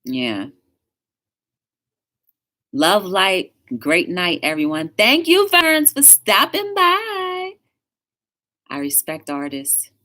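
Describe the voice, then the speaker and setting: A woman's voice: medium pitch, huge pitch swings, extremely slow, long pauses, pushed and bright. A woman hosting a live-stream talk show, telling stories with energy and greeting viewers in the chat by name. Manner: upbeat, encouraging.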